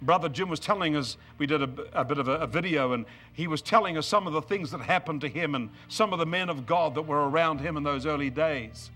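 A man's voice: fairly high pitch, fairly quick, hardly any pauses. A middle-aged man preaching a sermon, mixing scripture reading with joking stories about married life. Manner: humorous, storytelling, animated asides.

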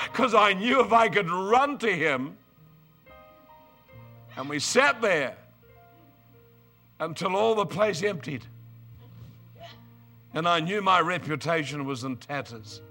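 Older man, preacher, storytelling sermon, lively swings from soft to loud, bright tone, faint music behind. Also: high-pitched, slow, pauses often. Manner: animated storyteller, swings from quiet asides to loud excited outbursts.

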